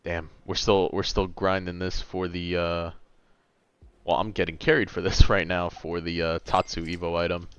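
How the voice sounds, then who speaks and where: A man's voice: low voice, level tone, moderate pace, smooth, dry recording, lo-fi sound. A man in his late twenties chatting casually and a little tiredly on a gaming livestream, reading and answering chat. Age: late 20s. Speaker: gaming streamer.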